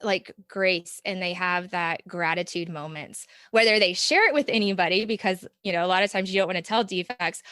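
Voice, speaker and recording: An earnest woman, reflecting in a conversational interview. She laughs often as she speaks and sounds mid-pitched for a woman. The recording is dry and close, with no room sound. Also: lively intonation, normal speed, fairly bright tone, dry recording. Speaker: podcast guest, parent mentor.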